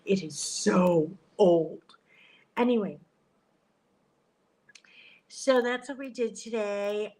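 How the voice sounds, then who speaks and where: A middle-aged woman chatting casually on a livestream from a hotel room, animated, joking and gasping as she talks into a tablet. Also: high-pitched, poor audio. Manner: chatty and animated, jokes and gasps. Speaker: livestream host. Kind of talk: casual live chat. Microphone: tablet camera.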